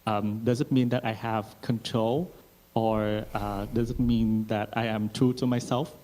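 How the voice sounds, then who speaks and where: A man reading out a question to the teacher, speaking carefully and haltingly. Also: on the low side, level tone, warm tone, rough recording.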